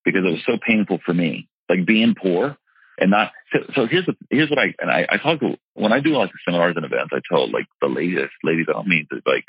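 A man with a very low, gravelly, husky voice tells his life story in an interview. He is earnest and emphatic, stumbling into restarts and leaning on his words. The recording is dull and dry. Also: sing-song, fast, no echo. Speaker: real estate investor and seminar teacher. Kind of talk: candid personal storytelling in an interview.

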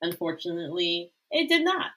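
A woman's voice: very animated, normal speed, pushed and bright, a little hiss or hum. Woman on a podcast, blunt and slangy, swears, gets ranty. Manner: blunt, slangy, swears, rants with rising pitch. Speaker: podcast co-host. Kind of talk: casual chat.

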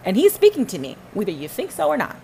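A woman's voice: a little high, wildly swooping pitch, quick pace, vocal fry, darkish tone, slight background noise, poor audio. A woman hosting a podcast, giving a fervent, emphatic spoken testimony and repeating phrases for stress. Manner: talks to listeners and to God in turn. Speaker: podcast host.

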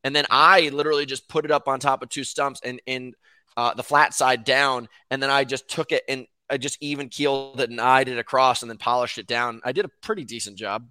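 Bright-voiced man telling a rambling story. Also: medium pitch, steady tone, brisk, smooth, no room sound. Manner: rambling storyteller who acts out quotes, says "like" often. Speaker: podcast guest, lumberjack. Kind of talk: casual podcast chat.

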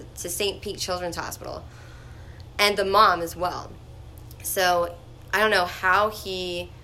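A young woman telling a personal story in a casual, chatty vlog, full of "like" fillers and animated retellings. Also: fairly low pitch. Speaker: vlogger.

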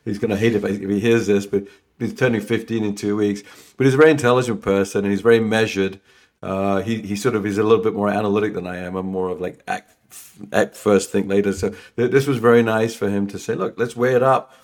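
A middle-aged man from London with a London accent, chatting as a podcast guest, warm and rambling with many restarts. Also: fairly low pitch, fairly even intonation, fast. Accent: London English. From England. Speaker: podcast guest, new home sales trainer. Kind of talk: casual interview chat.

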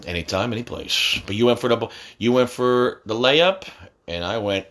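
A man in his forties chatting about sports with his son, profane and quick to yell. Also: mid-range voice. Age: 40s. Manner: loud, profane, jumps to sudden yelling.

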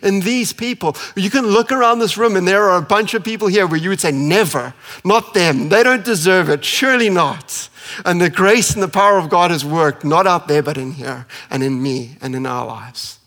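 Male preacher, fairly high voice, passionate sermon with loud peaks and hushed drops, long hall reverb. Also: brisk, few pauses. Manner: impassioned, rising to emphatic peaks then dropping soft.

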